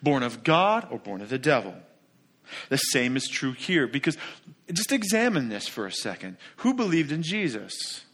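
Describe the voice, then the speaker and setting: A man preaching a sermon as pastor, emphatic and full of rhetorical questions, swinging between loud declaration and soft asides. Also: mid-range voice, very animated, normal speed.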